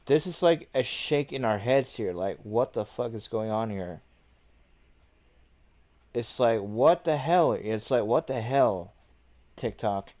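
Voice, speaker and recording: Male streamer host, mellow tone, rambling and repetitive, swears a lot. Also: mid-range voice, expressive, slow pace, long pauses. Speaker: livestream host. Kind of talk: casual livestream rant.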